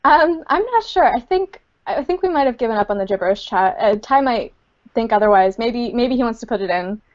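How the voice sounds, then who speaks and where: A woman's voice: on the high side, animated, a little fast, lo-fi sound. A woman, a game studio community manager, chatting casually in an interview with many fillers and frequent laughs, over a computer microphone.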